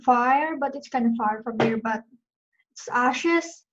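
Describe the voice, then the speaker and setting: A woman student answers questions in a casual online class, pausing to find her words. Her voice is high. The call audio is dull and muffled. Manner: hesitant, searching for words. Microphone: video call.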